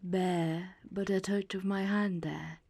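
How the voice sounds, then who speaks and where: A woman voicing a gentle, mild ghost in a storybook reading, speaking softly and slowly. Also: lowish voice, steady tone, husky, heavily acted. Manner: soft, mild, measured.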